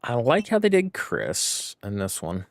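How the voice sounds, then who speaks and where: A man's voice: mid-range voice, huge pitch swings, measured pace, creaky, a little hiss or hum. A man rambling through casual gameplay commentary, often stopping to correct himself. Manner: rambling, self-correcting, chatty. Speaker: streamer.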